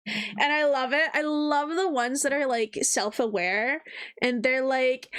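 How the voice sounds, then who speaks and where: A woman's voice: high-pitched, steady tone, measured pace, fairly bright tone, clean tone. A young woman streaming live as an artist, chatting casually in a blunt, profane way and often mimicking people. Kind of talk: casual livestream chat.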